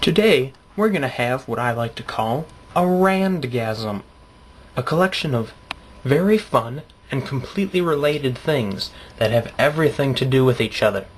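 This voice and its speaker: A man's voice: mid-range voice, expressive, moderate pace, a little hiss or hum. A man doing an absurd comedy vlog, rambling through shaggy stories that keep interrupting themselves. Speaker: comedy vlogger. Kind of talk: deadpan rambling comedy monologue.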